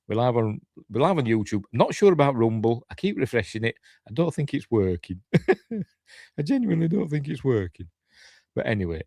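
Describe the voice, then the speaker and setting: A man's voice: lowish voice, a little mellow, dry recording, studio quality. A tired man with a Yorkshire accent hosting a casual live stream, rambling and self-deprecating with chuckling asides. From Yorkshire, England. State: tired, yawning. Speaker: YouTube host.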